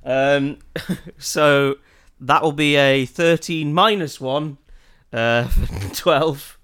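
A man's voice: a little high, extremely slow, a bit bright, clear, resonant tone. A man playing in a tabletop game, hesitant and laughing as he decides his moves. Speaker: player.

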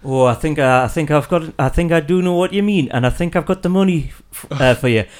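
A man's voice: a little high, fairly quick, a little mellow, natural voice. A man voicing a flustered male shopkeeper, hesitant and bumbling.

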